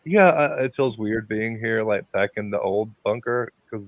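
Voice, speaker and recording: A man's voice: fairly low pitch, moderate pace, no echo. A man joining a comedic podcast, stammering heavily and laughing nervously. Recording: dull lo-fi mic with faint hiss.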